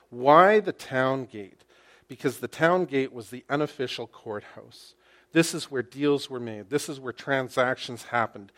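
A man preaches a sermon to a congregation in a church. He has an engaging, animated way of telling a story. He poses rhetorical questions and slips in wry humor. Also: medium pitch. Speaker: pastor. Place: church, speaking to a congregation with slides.

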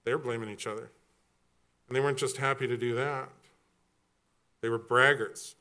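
A middle-aged man preaching a sermon as pastor, animated and joking, with quick storytelling asides. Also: mid-range voice.

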